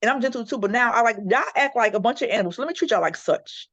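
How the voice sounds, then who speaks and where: Fast-talking mother telling a lively story. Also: a little high, no room sound. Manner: animated storyteller acting out her kids' quarrels. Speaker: panelist. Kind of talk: casual podcast chat. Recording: dull lo-fi recording.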